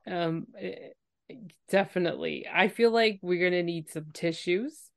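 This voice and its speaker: A woman podcast host recaps a TV episode in casual, emotive conversation, acting out scenes with quoted lines. Her voice is fairly low with vocal fry, and she speaks unhurriedly. The studio recording is clean with no echo.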